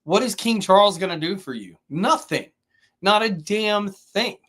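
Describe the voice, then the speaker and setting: Profane, animated man ranting. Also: sits high, unhurried. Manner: profane, animated storytelling with mock quotes. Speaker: podcast co-host. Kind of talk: heated casual rant. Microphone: live stream, remote or studio mic.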